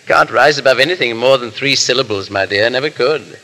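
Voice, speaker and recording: A man's voice: mid-range voice, lively intonation, moderate pace, sharp tone, low-quality recording. An actor playing a foppish, affected English baronet who prattles fussily and fills his talk with exclamations. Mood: dry.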